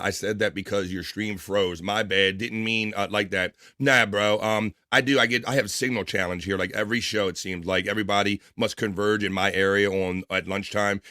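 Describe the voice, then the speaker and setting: A man hosting a live stream, casually reading viewer comments aloud and giving shout-outs while talking through his allergies. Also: on the low side, dry recording, clean studio sound. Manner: casual, rambling, reads chat names aloud with shout-outs. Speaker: livestream show host.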